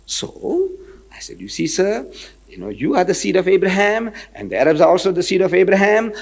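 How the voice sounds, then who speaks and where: Man, lecturer, storytelling talk, high voice, lively swooping pitch, acts out dialogue. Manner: animated, acts out both sides of a debate; quotes scripture in a measured cadence. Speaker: Islamic lecturer.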